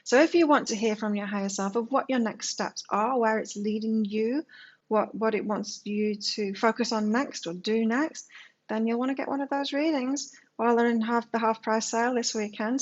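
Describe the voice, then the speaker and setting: A woman's voice: a little high, dull audio. Chatty woman reading tarot. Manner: chatty, musing, storytelling. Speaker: tarot reader. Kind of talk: casual psychic reading to camera.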